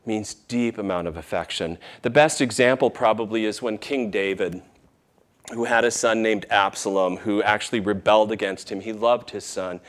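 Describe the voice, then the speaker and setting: Casting male pastor, lowish voice, sermon with big swings from emphatic to hushed and tender. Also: normal speed. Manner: dramatic swings from loud emphasis to hushed near-whisper.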